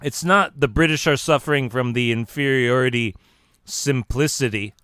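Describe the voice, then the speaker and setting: A man streaming live, talking in a casual, mock-serious lecturing way with halting restarts. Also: medium pitch, sharp tone, clear, resonant tone, dry recording, studio quality.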